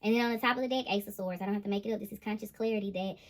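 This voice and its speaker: A woman giving a casual, animated tarot reading to camera, often giggling and laughing. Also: mid-range voice, racing. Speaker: tarot reader.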